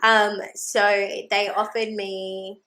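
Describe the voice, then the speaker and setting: A woman's voice: mid-range voice, slow, slight background noise. A young woman, chatting as a podcast guest and animatedly acting out the people in her story. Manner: animated storyteller, acts out quoted voices, laughs. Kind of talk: casual chat.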